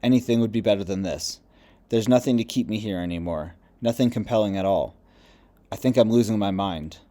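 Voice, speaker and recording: A lost and bitter male ghost, depressed and confused, speaking low and quietly in a mellow, darkish voice, as a male audiobook reader voices him. The delivery stays subdued and plain. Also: a little fast, natural voice. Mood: hopeless.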